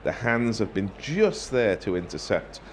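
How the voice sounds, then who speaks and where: A man giving ball-by-ball cricket commentary in a measured, wry way, lifting his voice when a wicket falls. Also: fairly low pitch, very animated, a little hiss or hum. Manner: wry, measured, quick to joke.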